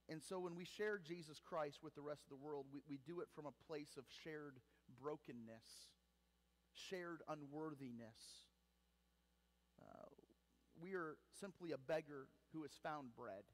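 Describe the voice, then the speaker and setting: Male pastor, slightly high voice, animated sermon delivery, long church reverb. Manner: animated preaching with emphatic rises and sudden quiet drops. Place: church sanctuary.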